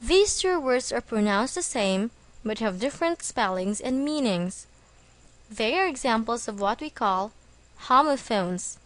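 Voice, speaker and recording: A woman reading a scripted English vocabulary lesson, slow and deliberate, spelling words out letter by letter. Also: a little high, animated. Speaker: English teacher.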